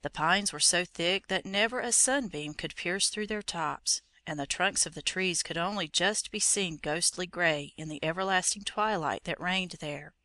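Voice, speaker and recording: A narrator reading an old legend in a steady, measured storybook manner. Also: mid-range voice, no room sound.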